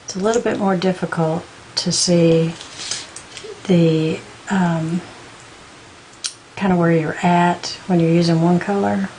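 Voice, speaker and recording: A woman giving a patient step-by-step beading tutorial, counting out beads slowly as she works. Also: lowish voice, fairly even intonation, darkish tone, a little hiss or hum, rough recording. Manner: patient, counts beads aloud in slow steps. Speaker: beading instructor.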